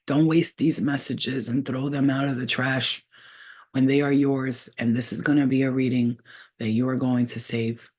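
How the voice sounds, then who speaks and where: Woman, husky, psychic reading to camera, casual and profane, repeats herself, halting over names. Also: very deep voice, fairly even intonation, darkish tone. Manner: casual, blunt and profane, with emphatic repetition; halting, trailing off while sounding out names. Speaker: psychic reader.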